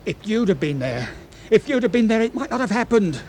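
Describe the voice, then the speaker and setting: An actor playing a defensive, resentful chief steward in a radio drama. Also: male voice, a little high, animated, normal speed, slight background noise, close to an everyday voice, low-quality recording. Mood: accusing. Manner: defensive and accusing. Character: nervous resentful male ship's chief steward. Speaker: ship's officer. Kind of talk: 1970s radio drama acting.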